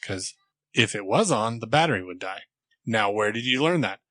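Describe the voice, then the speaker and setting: A man co-hosts a casual podcast and speaks thoughtfully, hedging his points. His voice sits low but has a bright tone. The sound is dry and close. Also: animated, moderate pace, dry recording. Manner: thoughtful, hedging, gives short agreements. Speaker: podcast co-host.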